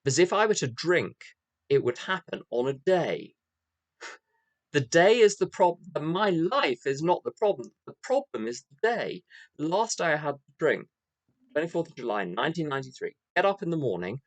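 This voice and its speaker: An older Englishman speaks at an AA meeting in a meeting room, telling his recovery story candidly and with self-mockery, using rhythmic repeated phrases. His voice is fairly high with big pitch swings, moving at a moderate pace, and the recording is dry.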